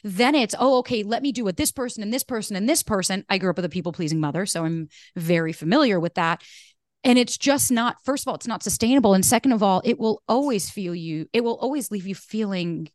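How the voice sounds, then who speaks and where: A woman's voice: mid-range voice, expressive, quick pace, no echo, studio quality. A woman hosting a podcast, chatting candidly and animatedly, cursing freely. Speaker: podcast host. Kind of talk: casual chat.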